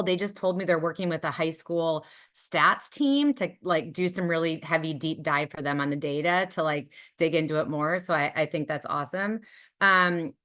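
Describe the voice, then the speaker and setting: A woman with a fairly low voice presents a charity program on a webinar. She talks in a chatty, enthusiastic way, full of ums and likes. The sound is that of a video call. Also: fairly bright tone.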